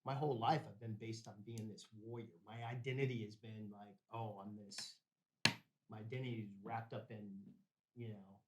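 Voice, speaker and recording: A man's voice: fairly low pitch, steady tone, moderate pace, far from the mic, very noisy. A man, a podcast guest, telling a personal story in a casual, laid-back way, dropping "man" and "bro" throughout. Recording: roomy echo.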